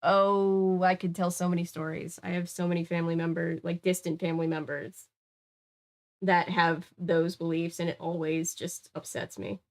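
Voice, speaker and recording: A woman's voice: on the low side, little pitch movement, normal speed. A woman from Louisiana with a slight Southern US accent, chatting casually on a stream, rambling with many fillers. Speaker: streamer reading viewer comments. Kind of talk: casual live-stream chat.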